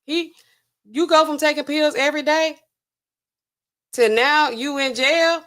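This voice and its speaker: In an unhurried, often-pausing delivery, this woman's high-pitched, fairly bright voice stays fairly even in intonation. Hosting a casual pharmacy commentary, she skims and reads drug documents aloud and constantly adds "okay?"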